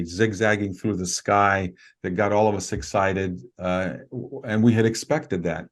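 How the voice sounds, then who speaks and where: A man appearing as a guest on a video call interview tells a story earnestly but haltingly, full of fillers and restarts. His voice is fairly low.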